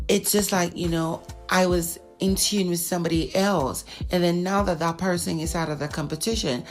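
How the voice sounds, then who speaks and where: A woman with a fairly low voice dishes reality-show gossip in a chatty, dramatic way. She acts out the voices of the people she talks about. Soft music plays faintly behind her. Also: steady tone, moderate pace, few pauses. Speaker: celebrity gossip vlogger. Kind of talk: casual reality-TV recap.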